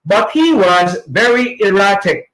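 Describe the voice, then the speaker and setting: High-voiced Filipino man teaching pronunciation. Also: sing-song, fairly bright tone, roomy sound, low-quality recording. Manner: slow, deliberate, models sounds for repetition. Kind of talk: pronunciation lesson, reading drills aloud. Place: online training session.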